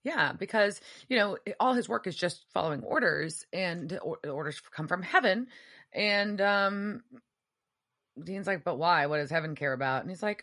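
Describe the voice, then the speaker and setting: Low-voiced woman recapping a TV episode. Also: lively intonation, normal speed, a bit bright. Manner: retells scenes acting out quotes. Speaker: podcast co-host. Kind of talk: casual recap chat.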